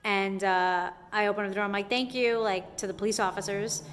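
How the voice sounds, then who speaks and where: A young woman who owns a hair salon, telling a story to the camera in a chatty, animated way and saying "like" constantly. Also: medium pitch, a little fast, faint music behind. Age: young adult.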